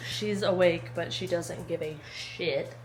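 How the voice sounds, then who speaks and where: A woman's voice: lowish voice, fairly even intonation, measured pace, soft background music. A woman vlogging casually at home, chatty and joking, laughing often and swearing casually, recorded on a handheld phone. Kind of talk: casual vlog chat. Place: at home during a storm.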